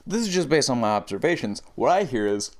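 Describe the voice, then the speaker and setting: A man's voice: medium pitch, fast talker. A man hosting a comedy show, delivering a rambling, profane rant and often laughing at his own tangents. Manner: animated, profane, laughing at himself. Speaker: comedy podcast host.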